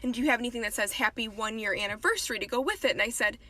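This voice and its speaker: A woman in a casual storytime about her job at a jewelry store, with a sly deadpan delivery. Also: fairly high pitch, rapid-fire.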